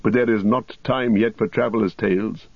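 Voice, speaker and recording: A grave, weary king speaks solemnly and with care, in the voice of a man reading the story. The tone is low and husky, heard on a dull, lo-fi recording. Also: steady tone, no echo. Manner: solemn, measured.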